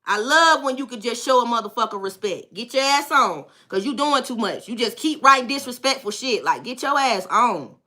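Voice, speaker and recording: A woman's voice: fairly high pitch, animated, moderate pace, few pauses, bright, forceful tone. A woman tarot reader on a livestream, effusively thanking and blessing viewers and bluntly cursing out trolls.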